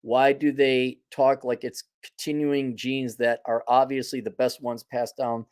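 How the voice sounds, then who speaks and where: A man's voice: mid-range voice, little pitch movement, a little slow, darkish tone, clean tone. A middle-aged man hosting a podcast, delivering a blunt, profane and sarcastic rant. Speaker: podcast host. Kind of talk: casual ranting monologue.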